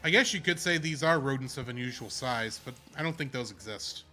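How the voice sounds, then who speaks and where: A man's voice: mid-range voice, expressive, brisk, bright, forceful tone. A man casually playing an online role-playing game, joking and rambling as he reads the quests aloud. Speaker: gamer streaming a playthrough.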